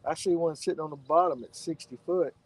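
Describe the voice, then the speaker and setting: A man's voice: on the high side, fairly quick, rough recording. A man, joking and bantering casually while fishing from a boat on a lake. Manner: joking, drawling banter with a friend. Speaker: fishing video host.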